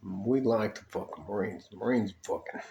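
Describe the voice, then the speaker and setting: An older man from Detroit telling rambling, profane army stories in a casual way, with frequent asides and throat clearing. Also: fairly low pitch, moderate pace, mellow, dull audio, slight background noise. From Detroit, USA. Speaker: army veteran storyteller. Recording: echoey room.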